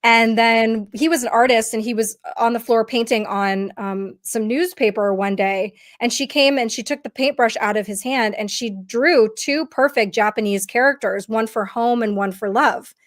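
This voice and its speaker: A woman's voice: on the high side, moderate pace, hardly any pauses. A woman podcast co-host telling stories in casual conversation, with many fillers and restarts.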